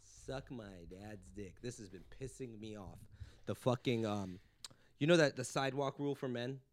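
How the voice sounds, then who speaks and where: A man's voice: mid-range voice, normal speed. A man from Los Angeles, a comedian hosting a casual podcast chat, telling profane ranting stories and slipping into mocking voices.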